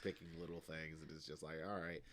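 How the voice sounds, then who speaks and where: A man's voice: a bass voice, level tone, fast talker, fairly bright tone, slight background noise. A man making drawled, offhand remarks in a casual podcast chat.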